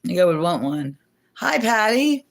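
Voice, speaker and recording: A woman's voice: on the low side, very animated, moderate pace, creaky. A woman hosting a casual livestream from home on her phone, rambling and chatty, laughing often and swearing now and then. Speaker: livestream host.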